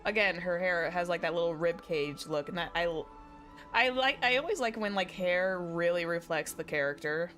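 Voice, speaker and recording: A young woman talks through a game on a live stream, chatty and rambling, often restarting her sentences mid-thought. Her voice sits a little low. Faint music plays behind her. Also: animated, moderate pace, a bit bright. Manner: chatty, rambling, self-correcting. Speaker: VTuber streamer.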